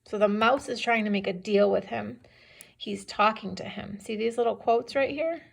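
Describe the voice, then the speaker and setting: A woman's voice: medium pitch, moderate pace, creaky, slightly rough. A woman teacher reading a story aloud to young children, patiently stopping to ask them questions. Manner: patient, questioning, checks understanding. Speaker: second-grade teacher.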